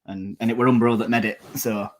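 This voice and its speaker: A man's voice: mid-range voice, steady tone, brisk, darkish tone. A man co-hosting a football watchalong, rambling casually with restarts. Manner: rambling, full of fillers and restarts. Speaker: watchalong co-host. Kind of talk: casual match commentary chat.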